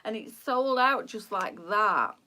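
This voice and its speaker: A chatty British woman hosting a relaxed live stream, rambling from one tangent to the next. She sits a little back from the mic, so her voice sounds slightly distant. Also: mid-range voice, slow. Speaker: boutique live-stream host. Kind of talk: casual live-stream chat.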